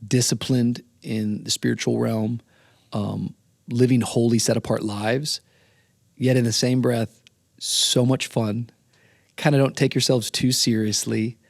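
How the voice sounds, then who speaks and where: Enthusiastic young podcast host. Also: male voice, medium pitch, flat delivery, measured pace, vocal fry, no echo, studio quality. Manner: enthusiastic, affirming. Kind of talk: casual interview chat.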